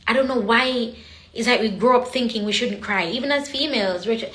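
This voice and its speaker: A woman's voice: on the high side, brisk, fairly bright tone, reverberant. A woman talking in an emotional, casual monologue, emphatic and repetitive. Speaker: vlogger.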